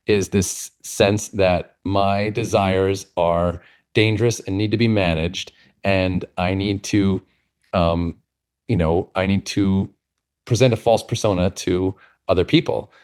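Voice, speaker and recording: A man with a fairly low voice, speaking as a podcast guest. He tells stories earnestly and reflects as he talks, in a casual conversational tone. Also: darkish tone. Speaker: guest author.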